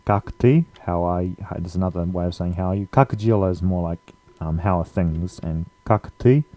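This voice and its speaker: Man teaching a language, low mellow voice, dry close sound, easygoing delivery. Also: moderate pace, dry recording, faint music behind. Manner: relaxed, with frequent fillers and laughs. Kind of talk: casual language lesson.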